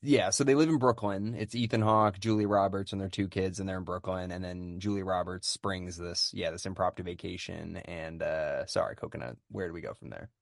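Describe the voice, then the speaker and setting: A man's voice: deep voice, fairly even intonation, brisk, vocal fry, few pauses, dry recording, studio quality. A man hosting a podcast in casual chat, joking and rambling while steering the conversation. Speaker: podcast host.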